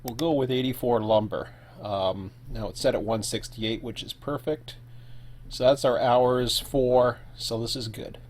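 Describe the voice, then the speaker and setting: Male live streamer, casual, rambling, thinks aloud at a desk mic, midrange pitch. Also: steady tone, a little slow, a little mellow, slight background noise. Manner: thinking aloud, rambling with fillers and self-corrections; eating while talking.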